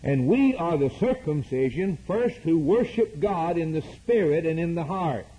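A man's voice: fairly high pitch, expressive, measured pace, warm tone, a little hiss or hum, rough recording. A man preaching a sermon in an emphatic, repetitive cadence, heard as a radio broadcast.

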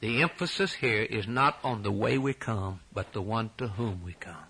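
A man preaching a sermon in a rhythmic cadence, climbing to high, shouted peaks and dropping back to quiet asides. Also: moderate pace, gravelly, slightly rough.

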